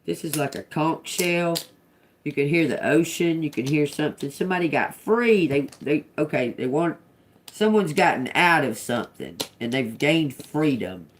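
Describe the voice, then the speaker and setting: This tarot reader has a deep, animated voice and talks at normal speed during her live stream. She muses on single words, sounding them out, before breaking into chatty, profane asides with laughter.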